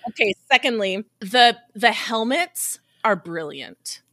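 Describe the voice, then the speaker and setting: A woman's voice: on the high side, expressive, takes it slowly, bright, forceful tone, dry recording, studio quality. A woman in her forties hosting a podcast, effusive and exclaiming, laughing often in casual chat. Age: 40s. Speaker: podcast host.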